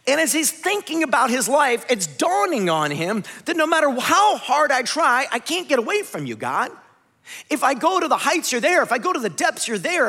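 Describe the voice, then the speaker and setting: A pastor delivers a sermon in a high, bright voice with lively rises and falls, plus some vocal fry and a breathy edge. He's animated and conversational, joking with the congregation. The long reverb of a large hall surrounds his words.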